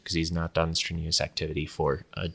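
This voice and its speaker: A man's voice: extremely low pitch, little pitch movement, brisk, vocal fry, fairly bright tone, breathy edge. A man acting as game master, explaining rules and narrating scenes with fillers and restarts. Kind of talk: running a tabletop game.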